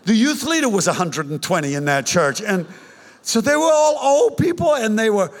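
An older man preaching a sermon, telling his own conversion story in an animated, joking way with many restarts. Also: high voice, moderate pace. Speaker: pastor. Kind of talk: sermon with personal testimony. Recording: reverberant hall.

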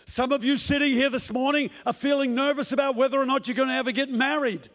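A man's voice: very high voice, fairly even intonation, fast, fairly bright tone, big-room sound. A man preaching a passionate sermon to a congregation, acting out the words he quotes. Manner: impassioned, acts out the lines he quotes. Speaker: pastor. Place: church hall with a congregation.

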